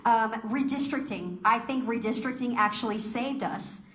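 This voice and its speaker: A woman's voice: on the high side, normal speed, a bit bright. A woman giving a fiery political speech to a local group, firing off emphatic rhetorical questions. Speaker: political speaker. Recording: echoey room.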